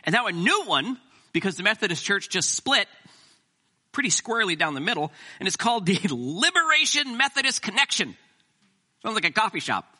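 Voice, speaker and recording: A middle-aged pastor with a high voice preaches a sermon at a brisk pace. He's animated and jokes with the congregation.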